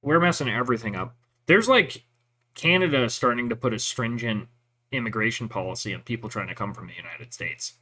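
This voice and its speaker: A man's voice: mid-range voice, lively intonation, a little fast, bright, forceful tone. A man and army veteran telling stories in profane, rambling casual chat. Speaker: veteran chatting with a listener.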